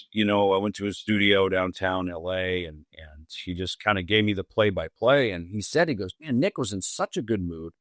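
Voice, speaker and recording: A man's voice: low voice, a bit bright, no room sound. A man hosting a podcast, recounting a memory in a loose, rambling way full of "you know" asides. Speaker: podcast host. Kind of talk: casual conversational storytelling.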